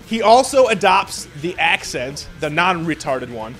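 A man in casual chat, excitedly and profanely rambling through a movie recap. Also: on the high side, unhurried, faint music behind.

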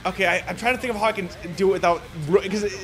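A man in casual chat, excitedly and profanely rambling through a movie recap. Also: high voice, very fast.

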